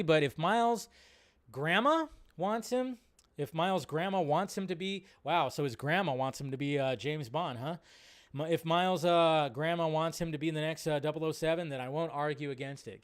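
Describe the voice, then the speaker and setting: Male live-stream host, somewhat high, smooth and resonant voice, rambling offhand delivery. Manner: rambling, offhand, thinks aloud with restarts. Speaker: host of a live movie news show. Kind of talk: casual live-stream chat.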